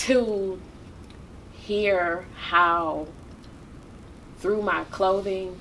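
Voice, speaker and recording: Woman, slightly low voice, emphatic panel guest; distant mic, faint noise. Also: steady tone, fairly bright tone. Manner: earnest, quick, emphatic. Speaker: clothing business owner. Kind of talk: casual panel chat.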